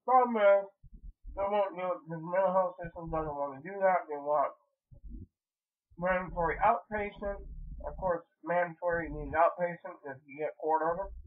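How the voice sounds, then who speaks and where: A man's voice: high voice, normal speed. Rambling man on tinny phone-like audio. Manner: meandering, many fillers and restarts. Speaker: vlogger. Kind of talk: casual rambling update.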